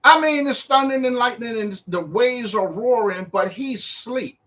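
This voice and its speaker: A man teaching through a Bible chapter verse by verse in a casual, animated way, acting out the speakers in the text. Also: moderate pace. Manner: animated, acts out the disciples' and Yahshua's words in a higher voice; conversational, uses slang while reading verse by verse.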